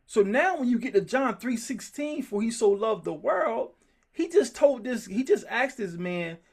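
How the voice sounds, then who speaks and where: Animated, high-pitched man teaching scripture. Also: unhurried, slightly rough. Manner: animated, emphatic, gets worked up. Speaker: Bible study teacher. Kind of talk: group scripture study.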